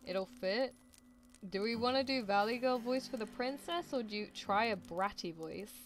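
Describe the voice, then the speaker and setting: A woman's voice: a little high, moderate pace. A woman streamer reading a visual novel aloud and chatting playfully with her viewers. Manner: playful, giggly asides to chat.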